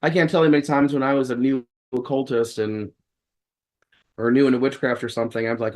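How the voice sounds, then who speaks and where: A man's voice: mid-range voice, fairly even intonation, fairly quick. A man who is a guest on a podcast, telling a story in a wry, rambling way and acting out the dialogue he quotes. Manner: rambling with frequent restarts. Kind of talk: casual storytelling in conversation.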